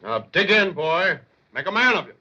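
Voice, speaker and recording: A man playing a loud, bossy middle-aged father in a 1950s film comedy, on a lo-fi old soundtrack. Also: high voice, very animated, normal speed, background noise. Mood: blustering.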